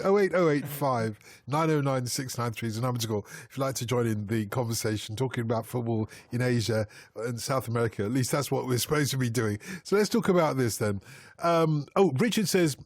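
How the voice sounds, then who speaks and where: A man hosting a radio football phone-in. He reads out listener messages and jokes with his guests in a brisk way. His voice sounds dry and close in the studio. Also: medium pitch, no echo.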